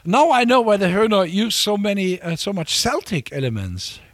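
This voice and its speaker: A man from Cologne, a musician guest chatting in a podcast interview, lively and halting at times. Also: high-pitched, dry recording, studio quality. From Cologne, Germany. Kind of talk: casual interview chat.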